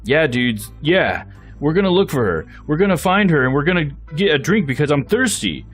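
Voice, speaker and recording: A man's voice: on the high side, sing-song, normal speed, soft background music, pitched above the performer's own voice. A man voicing a tipsy superhero in red who talks like a laid-back dude. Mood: cheery.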